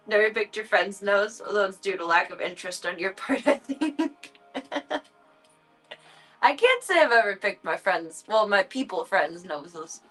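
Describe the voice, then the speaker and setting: A woman's voice: mid-range voice, lively intonation, moderate pace, hardly any pauses, a bit bright, faint music behind, low-quality recording. A woman livestreaming from home, chatting casually and cooing playfully at her cats in baby talk.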